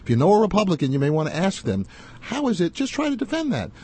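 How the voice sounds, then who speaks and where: Man, talk show host, mellow tone, emphatic, indignant commentary. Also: sits high, wildly swooping pitch, fast talker, breathy edge. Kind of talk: opinionated commentary.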